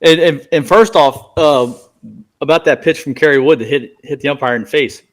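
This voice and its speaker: A man's voice: fairly high pitch, moderate pace. A man, a former ballplayer, telling a clubhouse story in casual chat, laughing and acting out the quotes. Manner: animated, laughing, acts out quotes. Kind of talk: casual storytelling among friends.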